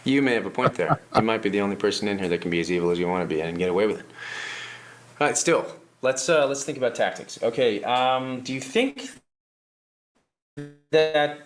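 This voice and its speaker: Fairly low and fairly quick, this man's voice is lightly acted as he plays a sarcastic political strategist in a comedy sketch, laughing at his own lines. He sounds smug, a scheming strategist coaching activists.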